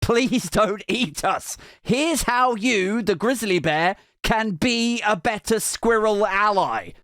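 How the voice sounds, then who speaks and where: A man voicing a timid, earnest little squirrel who pleads slowly and draws out his words. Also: high-pitched, lively intonation, a bit bright, dry recording, clean studio sound, full character voice. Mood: pleading. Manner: slow, drawn-out pleading.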